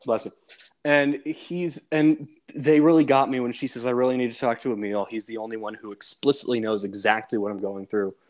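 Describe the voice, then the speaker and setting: A man's voice: medium pitch, steady tone, brisk. An enthusiastic man co-hosting a casual podcast, with an ordinary mid-range voice. He laughs a lot and retells scenes in loose conversation. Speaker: podcast co-host.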